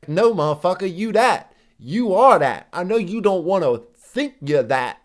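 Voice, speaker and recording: A man rants sarcastically through a reaction video, swearing at every turn. His voice sits a bit high and leaps all over the place as he mocks people by mimicking them. The energy stays heated and scornful throughout. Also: expressive, a little slow, few pauses. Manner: mimics others in exaggerated voices. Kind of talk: profane ranting commentary.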